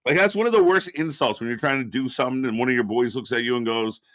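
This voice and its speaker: A man co-hosts a live wrestling watch-along stream, chatting casually, laughing often, and greeting chat viewers by name. His mid-range voice is fast and a bit bright, in a dry recording.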